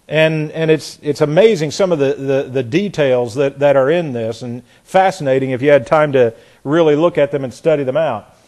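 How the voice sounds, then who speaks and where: A man teaching the Bible verse by verse in a lively way. He often restarts and repeats words, and he mocks the quoted speakers with sarcastic asides. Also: a little high, normal speed. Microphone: chart on a board behind him.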